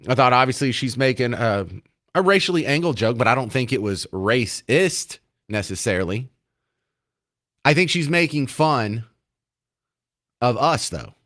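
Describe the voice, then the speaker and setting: A male talk radio host with a voice of middling pitch. He speaks into a studio microphone with sarcasm, mocking his targets through a run of rhetorical questions. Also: lively intonation, unhurried, pauses often, a bit bright, dry recording. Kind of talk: opinionated radio commentary.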